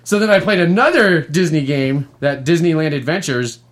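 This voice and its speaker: A male gaming podcast co-host with a voice on the high side tells stories at a normal speed. He's casual and profane, animated in his storytelling and laughing often.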